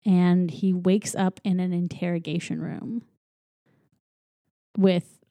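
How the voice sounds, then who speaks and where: A woman's voice: fairly low pitch, steady tone, slow, mellow, no room sound. A woman chatting casually on a podcast, retelling a movie and acting out lines in silly voices, often giggling. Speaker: podcast co-host. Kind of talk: casual movie recap chat.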